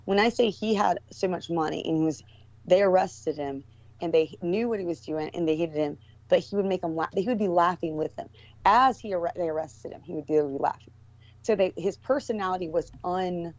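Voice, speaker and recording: A woman with a deep, low speaking voice tells a story in a loose, rambling way, circling back with restarts and fillers. The sound is close and dry. The recording is dull and lo-fi. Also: darkish tone, dry recording. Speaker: guest. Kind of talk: casual storytelling.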